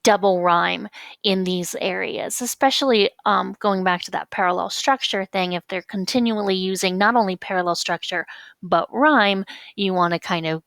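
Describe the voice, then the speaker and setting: A woman teacher giving a casual lecture on poetry, stretching example words out slowly and patiently. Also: medium pitch, fairly bright tone, dry recording.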